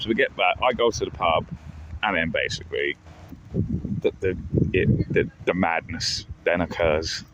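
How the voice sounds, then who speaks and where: A man's voice: fairly low pitch, animated, measured pace. A man, live-streaming a casual, rambling story with jokes and lots of restarts. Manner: rambling and jokey, with many restarts. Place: outdoors on town streets. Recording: outdoor street noise. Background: traffic and street ambience.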